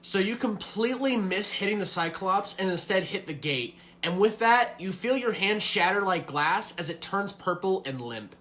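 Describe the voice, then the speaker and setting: A man performing comedy sketches, sarcastic and animated. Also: sits high, moderate pace, few pauses.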